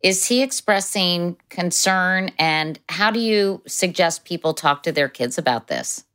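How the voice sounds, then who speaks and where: A woman with a notably deep voice hosts the conversation. She talks in a chatty way and puts questions, some from listeners, to her guest. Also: animated, a little slow, fairly bright tone, smooth. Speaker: interviewer host. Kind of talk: interview conversation.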